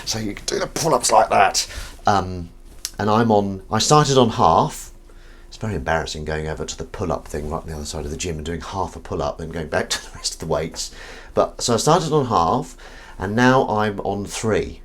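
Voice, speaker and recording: A man hosting a casual live stream, joking with his chat and swinging between loud greetings and mumbled asides. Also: sits low, moderate pace. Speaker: livestream host.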